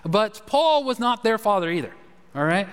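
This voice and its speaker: A man's voice: sits high, big pitch swings, normal speed, a bit bright, clear, resonant tone. A middle-aged man preaching a live Sunday sermon in a church service, talking in a conversational, rambling way full of fillers and restarts. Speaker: pastor. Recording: reverberant hall.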